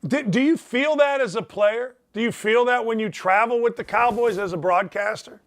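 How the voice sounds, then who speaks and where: A man's voice: very high voice, normal speed, a bit bright. A man hosting a sports talk show, asking questions in a blunt, casual way. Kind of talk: casual interview chat.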